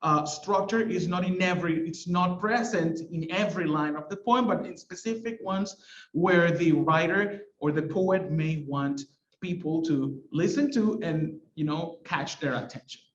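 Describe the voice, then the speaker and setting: Male teacher, explanatory lesson, high voice, roomy slightly dull recording. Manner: explanatory, reads verse lines slowly with exaggerated stresses.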